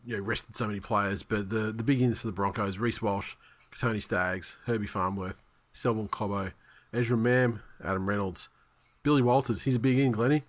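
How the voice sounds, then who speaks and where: Blunt, profane podcast host. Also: male voice, fairly low pitch, steady tone, moderate pace. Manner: blunt, profane, reading out team lists. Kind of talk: casual sports chat.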